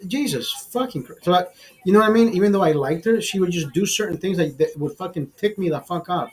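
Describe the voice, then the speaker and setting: A man's voice: high voice, expressive, quick pace. A man hosting a casual livestream chat, crude and profane, rambling with many restarts. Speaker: livestream host.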